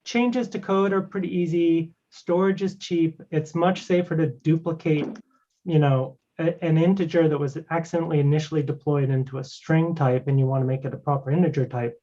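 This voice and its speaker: A man walking through a live technical demo as a guest presenter, talking casually and filling pauses with "you know" and "right". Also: on the high side, fairly even intonation, warm tone. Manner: conversational, many fillers like "you know" and "right". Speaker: guest presenter demoing a cloud product. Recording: dull lo-fi stream audio.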